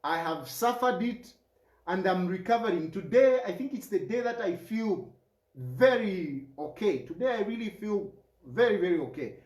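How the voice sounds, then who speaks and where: A man's voice: high-pitched, animated, moderate pace, a little mellow, reverberant. A man with a Zambian accent speaking straight to camera as a mayoral candidate, earnest and pleading, repeating his key phrases. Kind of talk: direct-to-camera address.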